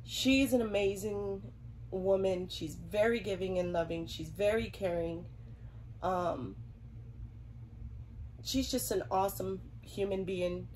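A woman's voice: medium pitch, slow, pauses often, a little mellow, slight background noise, poor audio. A young woman with a Southern US accent, chatting to camera about her reborn dolls, congested from a cold and giggling often. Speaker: reborn doll collector vlogger. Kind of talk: casual chat to camera.

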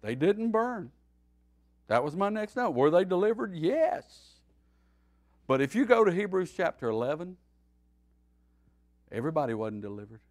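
A man, a pastor, teaching a Bible study in a folksy, animated preaching style that swings between loud and quiet. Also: high-pitched, moderate pace, long pauses.

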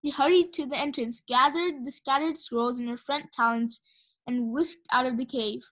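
A woman reads a children's fantasy novel aloud in a casual, homemade style. Her voice sits high, and she stumbles now and then and restarts a word. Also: steady tone, normal speed, a bit bright. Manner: reads aloud with small slips. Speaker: audiobook reader. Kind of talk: casual audiobook reading.

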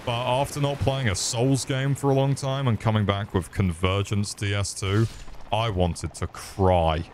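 A young British man giving live gameplay commentary, excitable and sweary as he chats with viewers. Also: fairly low pitch, unhurried, a little hiss or hum. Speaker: streamer.

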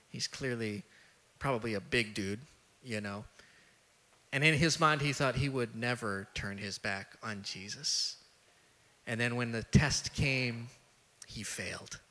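A male pastor delivers a conversational sermon in a bright, forceful voice. He retells the story casually, with fillers and asides, then acts out the disciples' words as his intensity climbs. His voice rings through a large hall with a long reverb tail. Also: mid-range voice.

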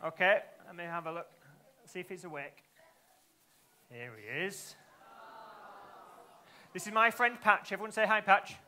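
A man's voice: sits high, unhurried, long pauses, sharp tone, a little hiss or hum. A man performing a live children's magic show, teasing and playful, constantly asking the young audience questions. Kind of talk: live kids' show patter.

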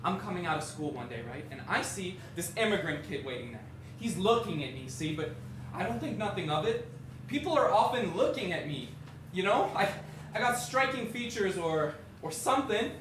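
An actor playing a brash, streetwise young Canadian man who tells a story in slangy speech with shouted bursts, in a stage monologue. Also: high voice, expressive, normal speed, a little hiss or hum. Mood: swaggering. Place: theatre stage. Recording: echoey stage from far off.

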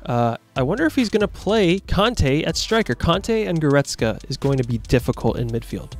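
Young male gamer, slightly high voice, excitable play-by-play over his match, light music behind. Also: normal speed. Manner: excitable, reacts loudly to plays. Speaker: gaming YouTuber. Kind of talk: casual gameplay commentary.

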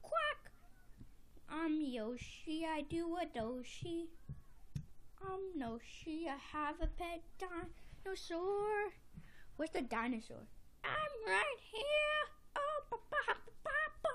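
A woman chatters through a playful toy story, excitable and coughing here and there. Her voice is high and jumps about in pitch, yet she talks at an unhurried pace. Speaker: toy video narrator. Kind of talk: playful toy play narration.

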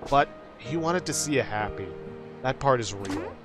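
A man's voice: medium pitch, animated, normal speed, music in the background, natural voice. A man voicing a brash gangster who talks bluntly in a streetwise way, reading game lines aloud. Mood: lecturing.

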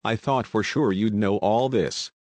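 A man's voice: lowish voice, a little mellow, no echo, close to an everyday voice. Man voicing Julius, a slangy American talker. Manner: slangy, talkative, hurried storytelling. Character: brash young American man, slangy and excitable.

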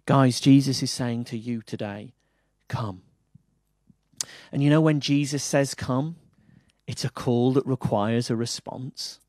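A man with an English accent preaching a sermon, earnest, moving between firm emphasis and soft quiet lines. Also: medium pitch, steady tone, unhurried, no echo. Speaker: pastor.

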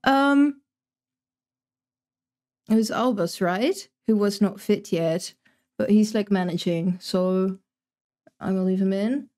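A woman's voice: mid-range voice, slow pace, pauses often, dark tone. A young woman streaming herself playing a game, chatting casually, thinking aloud and swearing freely. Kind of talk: casual live-stream commentary while gaming.

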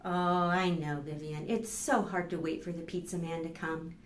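A woman voicing a patient mother reassuring her hungry little daughter in a picture book, gently. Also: on the low side, steady tone, normal speed, echoey room, slight background noise, close to an everyday voice. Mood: soothing.

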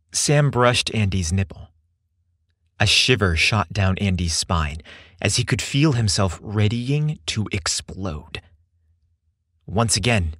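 Male narrator, low and lively, dry close sound. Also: dry recording. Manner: expressive storytelling. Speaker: story narrator. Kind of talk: scripted narration.

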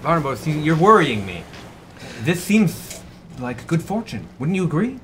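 A man voicing an excitable older ship captain who stammers eagerly and pushes his crew along. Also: fairly high pitch, moderate pace, slight background noise, pitched above the performer's own voice.

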